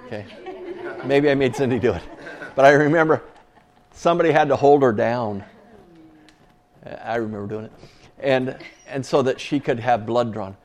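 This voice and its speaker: A man's voice: medium pitch, moderate pace, long pauses, some chatter behind. A man preaching a sermon as pastor, earnest and conversational, with casual asides to the congregation.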